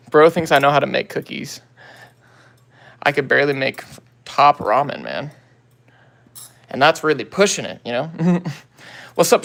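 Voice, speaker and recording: A young man talks casually on a phone livestream, greeting viewers and tossing out slang. His voice sits a bit high for a man and has a gravelly, fry-tinged edge. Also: fairly bright tone. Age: young adult. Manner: laid-back slangy talk, quick greetings to viewers. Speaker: livestream host. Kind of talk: casual livestream chat, reading viewer comments.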